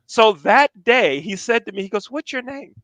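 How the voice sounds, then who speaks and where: A man telling personal stories in casual talk, animated and repeating phrases for emphasis. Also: high voice, moderate pace, no echo. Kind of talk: casual storytelling.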